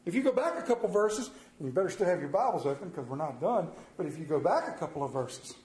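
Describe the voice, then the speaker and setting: A middle-aged man preaching a sermon, telling a folksy story that moves between hushed tender passages and loud emphatic preaching. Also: on the high side, sing-song, fast talker, roomy sound, rough recording. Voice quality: folksy Southern drawl talk with "ain't" and "y'all". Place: church sanctuary.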